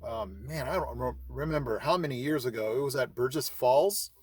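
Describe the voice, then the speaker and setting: A man's voice: medium pitch, moderate pace, husky, dry recording. A middle-aged man, hosting his vlog and telling a story casually, acting out his own reactions as he goes. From California. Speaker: vlog host.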